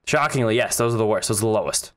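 A man's voice: on the low side, racing, fairly bright tone. A man co-hosting a sports podcast in casual chat, cracking jokes, quoting stats and swearing casually. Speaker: podcast co-host.

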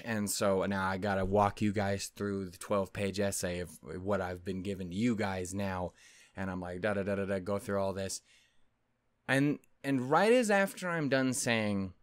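A man's voice: fairly low pitch, dry recording. A man telling a story to his video audience in a rambling, casual way. He interrupts himself often and swears a lot. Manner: rambling, self-interrupting, swears a lot, keeps saying "anyway, point is". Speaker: anime video creator.

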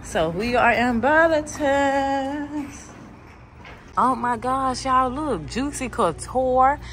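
A woman's voice: high-pitched, slow pace, a bit bright, slight background noise. Chatty woman vlogging while shopping. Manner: chatty, addresses viewers as y'all. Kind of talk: casual shopping vlog. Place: discount clothing store.

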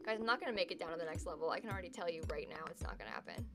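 A young woman in her twenties, chatting casually and excitably while streaming a game. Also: fairly low pitch, very fast, over loud music. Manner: excitable, gasps and laughs often. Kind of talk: casual chat while gaming.

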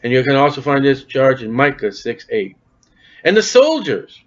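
A man's voice: medium pitch, big pitch swings, moderate pace. A man preaching a sermon in a folksy, emphatic way, quizzing his congregation and reading scripture aloud. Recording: dull lo-fi sound.

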